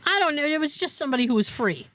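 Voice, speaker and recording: A woman podcast host telling a story in casual chat, animated, profane and self-mocking. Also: sits high, rapid-fire.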